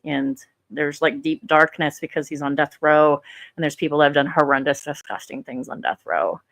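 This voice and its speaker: A woman with a low voice comments on online drama in a loose, rambling way, full of fillers and restarts. The sound is dry and close, with no room around it. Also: moderate pace, creaky, a bit bright, no echo. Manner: rambling, many fillers, thinks aloud. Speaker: commentator reacting to clips. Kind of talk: casual commentary.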